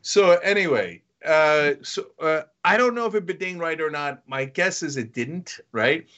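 On a lo-fi recording, a man with a higher-pitched voice and moderate pace co-hosts a comedic podcast. He spins an animated funny story, voicing the other people's quotes himself.

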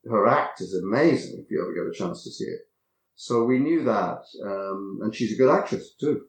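A man with a very low voice, talking as an interview guest about his acting work. He is reflective and halting and often repeats a word as he gathers his thoughts. His voice carries a noticeable roomy echo. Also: animated. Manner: reflective, halting, repeats words while thinking. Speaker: actor being interviewed. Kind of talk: anecdotal interview chat.

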